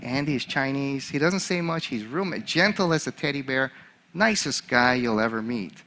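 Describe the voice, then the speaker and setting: A male chaplain preaching a sermon, an animated storyteller who laughs at his own story. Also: medium pitch, normal speed.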